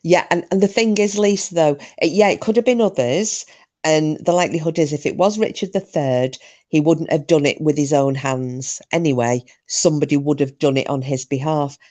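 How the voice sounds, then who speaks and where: A woman's voice: low voice, normal speed, dark tone. A woman hosting a live stream, chatting casually and rambling, with frequent restarts. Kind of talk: casual chat.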